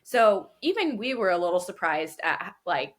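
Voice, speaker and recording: A woman in her thirties co-hosting a podcast, telling a family story in a casual, animated way and laughing often. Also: fairly low pitch, moderate pace. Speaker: podcast co-host. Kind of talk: casual chat. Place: lives in Florida.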